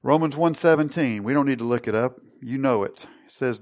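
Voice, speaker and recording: A man's voice: mid-range voice, fairly quick, a little mellow. A man preaching a sermon, teaching and putting questions to his congregation. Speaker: pastor.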